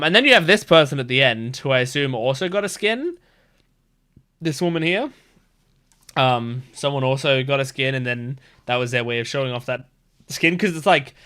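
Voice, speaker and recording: Rambling man reacting to game trailers. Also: medium pitch. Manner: rambling, filler-heavy, excitable. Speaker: reaction channel host. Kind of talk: casual reaction commentary.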